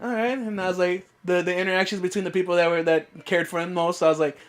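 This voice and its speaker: A man's voice: high-pitched, steady tone, fast. A man co-hosting a casual podcast, earnestly telling a personal story and repeating "I was like". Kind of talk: casual profane chat among friends.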